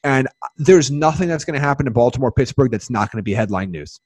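A man co-hosts a podcast in loose, casual chat. He rambles excitably and keeps circling back to restart his sentences. His voice is dry and close, with nothing around it. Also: mid-range voice, fast talker, no room sound. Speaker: podcast co-host.

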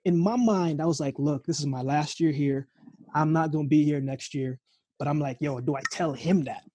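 A man's voice: a little high, normal speed, slightly rough, no room sound. A man hosting a casual conversation, telling stories full of quoted back-and-forth. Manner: storytelling with lots of quoted dialogue; animated storytelling. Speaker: podcast host.

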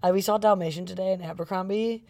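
A woman's voice: mid-range voice, steady tone, fast, mellow. A woman co-hosting a podcast, telling stories in a chatty way, laughing often and saying "like" a lot. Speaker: podcast co-host. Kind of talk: casual chat.

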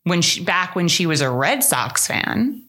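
A middle-aged woman hosting a podcast, telling animated stories in casual chat and sometimes putting on a mock British accent. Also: fairly low pitch, unhurried. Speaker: podcast host.

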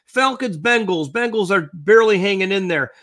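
A man's voice: high-pitched, lively intonation, moderate pace, a bit bright. A man co-hosting a casual sports talk show, rambling through lists of teams and trailing off mid-thought.

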